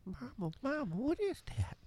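A man putting on shrill, squeaky falsetto voices for moms, kids and neighbors in a comic story read on a podcast. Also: sing-song, moderate pace, darkish tone, breathy edge, exaggerated voice. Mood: playful.

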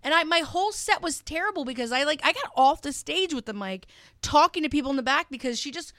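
A high, bright woman's voice, blunt and full of swearing, as she trades stories with a guest. She is a comedian hosting a podcast, and she backs her guest with sharp, no-nonsense remarks. The sound is close and dry. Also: lively intonation, dry recording. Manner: blunt, profane, quick to take sides. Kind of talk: casual chat.

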